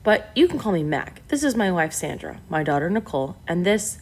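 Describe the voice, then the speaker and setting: A woman with a low, gravelly voice voicing a friendly man introducing his family and warning of a coming storm in a storybook reading. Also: big pitch swings, a little fast, darkish tone, full character voice. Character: Australian man, a sailboat father.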